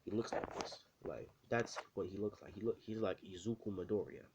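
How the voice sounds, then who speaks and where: A man's voice: on the low side, brisk, background noise. A man casually telling a made-up story, rambling with lots of fillers and restarts.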